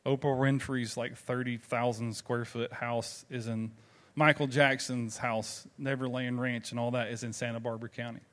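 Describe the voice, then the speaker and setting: Delivering a sermon in a Southern American accent, this pastor from the Southern US speaks at normal speed in a flat, mid-range voice that's a bit bright. He tells stories conversationally and poses rhetorical questions to his congregation.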